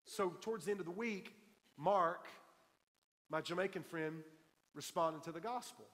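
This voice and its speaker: A man's voice: high voice, moderate pace, fairly bright tone. A man preaching a sermon, telling stories emphatically and repeating key lines for weight. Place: church sanctuary. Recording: long hall reverb from a church.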